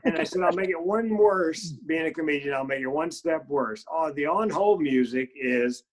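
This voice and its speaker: A man being interviewed as a guest comedian, telling stories and acting out the quotes in higher voices. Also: normal speed. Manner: animated storyteller who acts out quotes in higher voices. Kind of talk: casual interview storytelling.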